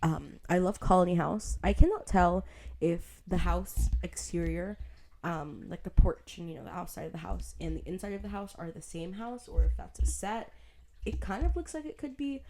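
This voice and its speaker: A woman's voice: fairly low pitch, moderate pace, gravelly, mellow, no room sound. Rambling woman vlogger, dry close sound. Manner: chatty, filler-heavy, loose tangents. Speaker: vlogger reviewing a TV show. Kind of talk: casual rambling chat to camera. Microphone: phone camera.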